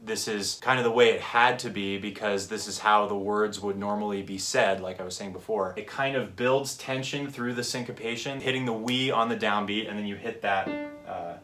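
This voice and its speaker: Brief: male music explainer from California, lowish voice, upbeat, scats rhythms to make his point. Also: moderate pace, sharp tone. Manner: enthusiastic, vocalizes rhythms with "da da" and frequent "right?". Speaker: music analysis video host. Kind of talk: casual song breakdown.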